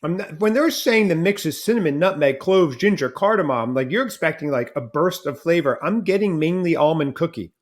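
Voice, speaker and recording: A man's voice: a little high, animated, a little fast, hardly any pauses. A man hosting a podcast taste test in casual chat, joking and thinking aloud as he tastes. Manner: chatty, jokey, thinks aloud while tasting. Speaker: podcast host.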